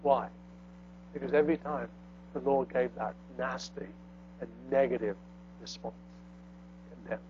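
A man preaching a sermon, swinging between loud emphatic lines and hushed low phrases. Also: fairly even intonation, measured pace, long pauses. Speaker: pastor. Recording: dull lo-fi sound with faint mains hum.

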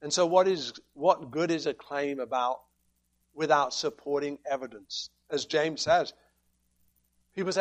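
High-voiced man preaching a sermon. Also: a little slow, long pauses. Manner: emphatic, rhetorical questions, quoting scripture.

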